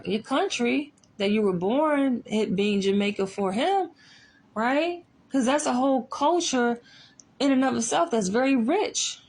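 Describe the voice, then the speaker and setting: A woman's voice: on the high side, vocal fry. A woman psychologist talking casually and emphatically, often tossing in rhetorical asides. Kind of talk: casual commentary.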